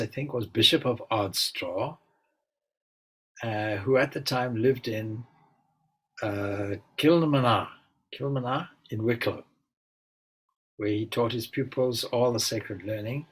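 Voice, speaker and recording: A man, a swami, giving an informal spiritual talk and telling stories in a relaxed, musing way with frequent asides. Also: mid-range voice, breathy edge, rough recording. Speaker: swami leading a spiritual gathering.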